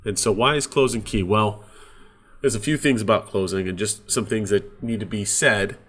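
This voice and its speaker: A man's voice: on the low side, moderate pace, a bit bright, slightly rough. A man coaching real estate agents in a casual, conversational sales training talk. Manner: casual, conversational, uses sports examples.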